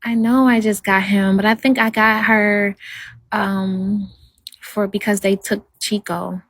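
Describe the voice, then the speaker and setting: A woman chatting casually on a livestream, rambling and soft-spoken as she answers viewers' comments. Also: medium pitch, level tone, takes it slowly, no room sound.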